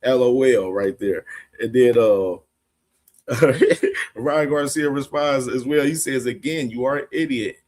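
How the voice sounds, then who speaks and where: A man's voice: medium pitch, a little slow, darkish tone. Laid-back man hosting a boxing show. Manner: laid-back, laughs a lot, blunt with profanity. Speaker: boxing news show host. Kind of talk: casual commentary reacting to clips.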